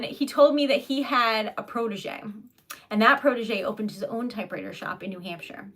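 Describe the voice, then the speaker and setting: A young woman hosting a casual livestream, chatty and giggly, sometimes dropping into soft whispers as she reads comments. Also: on the high side, normal speed. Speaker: livestream host selling typewritten poetry.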